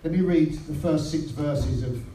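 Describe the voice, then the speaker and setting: High-voiced British preacher in a roomy hall. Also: male voice, moderate pace, mellow, a little hiss or hum. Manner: storytelling, quoting scripture in a lowered voice. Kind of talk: sermon. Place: church hall. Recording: roomy sound from a distance.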